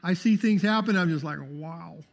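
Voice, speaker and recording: A man's voice: sits high, animated, normal speed. A man giving a fervent preaching testimony, calling out for amens. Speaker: testimony speaker. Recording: long hall reverb.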